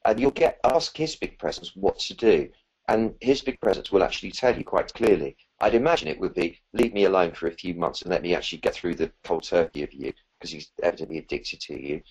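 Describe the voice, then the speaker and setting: A man's voice: deep voice, expressive, fairly quick, a little mellow, husky, muffled recording. A man answering questions as a spiritual teacher in a live talk, earnest and rambling, with many fillers and restarts.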